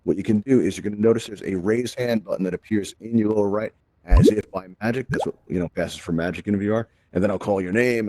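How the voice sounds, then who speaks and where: A man's voice: fairly low pitch, quick pace, a little mellow, no room sound. A man hosting a live virtual-reality tutorial, explaining steps in an upbeat, jokey way. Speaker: host and instructor.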